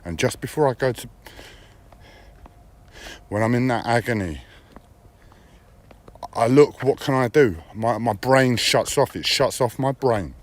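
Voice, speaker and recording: A man's voice: mid-range voice, a little slow, long pauses. A man streaming live, talking in a blunt, profane personal monologue with repeated phrases and a whiny edge.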